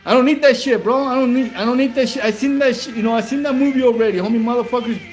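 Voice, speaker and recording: A man's voice: very high voice, fast talker, soft background music. A man from Southern California, chatting casually and profanely with his livestream viewers while eating at home, calling them bro and homie. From Whittier, Southern California. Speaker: livestream host. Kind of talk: late-night casual livestream chat.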